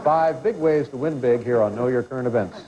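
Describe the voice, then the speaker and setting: A man's voice: medium pitch, fairly quick, background noise. A man hosting a quiz segment on a talk show, teasing his contestant in rambling, joking banter. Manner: teasing, rambling, with many restarts. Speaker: talk show host running a quiz bit. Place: TV studio with a live audience. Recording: muffled broadcast audio with loud crowd.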